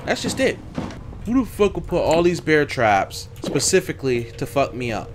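A man hosting a horror game let's play, talking profanely and nervously, yelping and shouting when scared. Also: a little high, big pitch swings, moderate pace, very noisy. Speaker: gaming video host.

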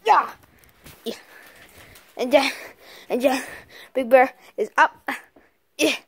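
A female host giving casual commentary on a toy fight, halting and repeating herself as she goes. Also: high voice, fairly bright tone, husky, no room sound. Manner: halting, repeats "and then" often. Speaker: video host.

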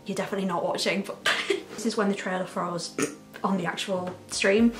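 A woman giving an excited, unscripted reaction to a trailer, gushing, laughing often and close to tears. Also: medium pitch, normal speed, soft background music. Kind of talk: casual, unscripted reaction commentary.

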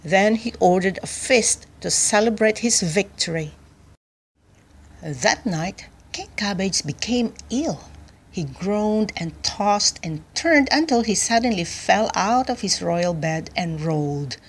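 A woman reading a children's bedtime story aloud, clear and expressive. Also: mid-range voice. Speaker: children's book reader.

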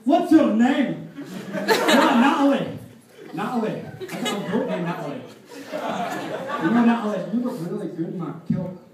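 A man doing a loud mock-Scottish flirt. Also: high-pitched, animated, measured pace, long pauses, a loud crowd. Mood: brash. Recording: echoey room, far mic, noisy.

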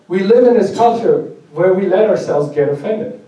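A high-voiced man delivers a sermon in a direct, chatty manner and pokes fun at himself. His tone is dark and mellow. The echoey church hall rings loudly around him, and the mic sits well away. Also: lively intonation, moderate pace, distant mic, lo-fi sound. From Germany. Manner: direct, conversational, self-joking. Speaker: pastor. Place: church sanctuary.

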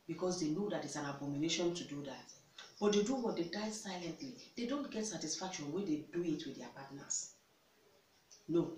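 A vlogger lays out relationship advice in an instructive, emphatic way, hammering key words again and again and throwing out rhetorical questions. The voice sits back from the microphone in a reverberant room. A faint hiss runs underneath. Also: mid-range voice. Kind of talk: instructive counseling talk. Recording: echoey room, distant mic, faint hiss.

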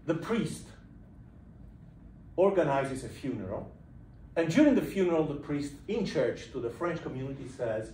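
A man giving a university lecture, explaining lively and putting questions to his students in a lecture room. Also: on the high side, normal speed, long pauses, far from the mic. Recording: echoey room recorded from afar, faint noise.

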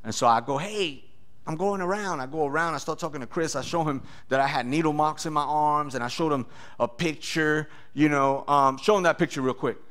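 Animated male pastor preaching. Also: a little high, fairly quick. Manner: animated, acts out voices with loud bursts. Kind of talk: sermon with testimony.

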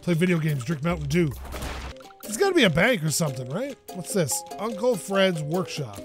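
A man with a high, light voice gives playful let's-play commentary. He rambles, jokes and yelps in sudden bursts. Clear game music plays behind him. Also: moderate pace. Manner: excitable and jokey, yelps and rambles. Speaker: gaming YouTuber.

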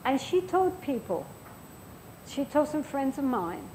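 Gentle older woman giving a dharma talk. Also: high-pitched, sing-song, slight background noise, poor audio. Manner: gentle, reflective storytelling with frequent pauses. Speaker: Buddhist teacher.

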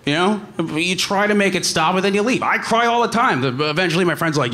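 A young man doing stand-up on a theater stage with a deadpan delivery, full of hesitant fillers. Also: fast, hardly any pauses, background noise. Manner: deadpan delivery with many uh fillers and a lively pitch. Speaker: stand-up comedian. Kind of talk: stand-up comedy set.

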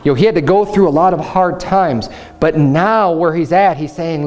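Pastor guy preaching, kinda high voice, talks loose and repeats himself a lot. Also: normal speed, hardly any pauses, darkish tone. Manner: conversational Bible teaching with frequent restarts and "you know". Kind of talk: sermon.

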